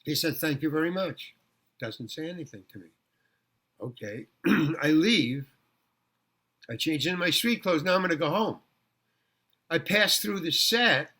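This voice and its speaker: Older guy rambling thru old showbiz stories, bright edgy voice, keeps restarting his sentences. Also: fairly high pitch, lively intonation. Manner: rambling anecdotes with halting restarts. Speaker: guest actor telling stories. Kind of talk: casual storytelling interview.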